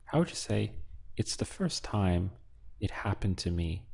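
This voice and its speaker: A man teaching a language lesson, slow and patient, quizzing the listener with prompts. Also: sits low, sing-song, gravelly, darkish tone, breathy edge. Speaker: Spanish teacher.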